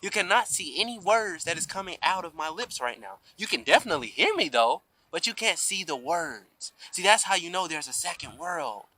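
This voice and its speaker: A man's voice: a little high, lively intonation, normal speed, few pauses, bright, forceful tone, poor audio. A man giving an emphatic spiritual talk to a camera outdoors, often asking "you see?". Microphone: camera mic.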